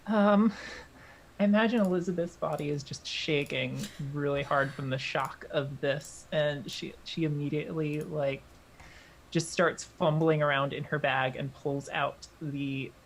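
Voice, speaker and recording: A woman's voice: sits low, fairly even intonation, measured pace. A woman player describing her character's actions in a tabletop game, hesitant and full of fillers. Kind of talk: casual role-play chat.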